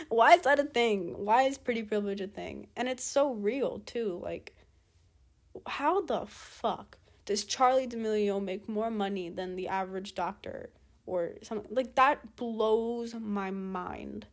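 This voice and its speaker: A woman's voice: medium pitch, a little slow. A teenage girl talking alone in a casual monologue, ranting and exasperated, firing off rhetorical questions and swearing. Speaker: podcast host.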